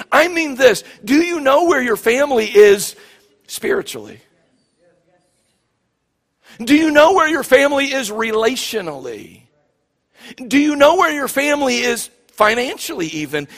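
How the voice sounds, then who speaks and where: A man with a notably high-pitched voice preaches a sermon, hammering home repeated questions and often restarting his sentences. His voice carries a long reverb from a large church hall. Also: a bit bright. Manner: preaching with rising emphatic questions and frequent restarts. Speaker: pastor.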